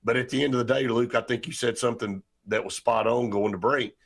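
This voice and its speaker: A man's voice: medium pitch, steady tone, fast, gravelly. A man hosting a sports talk show, rambling with many restarts and fillers.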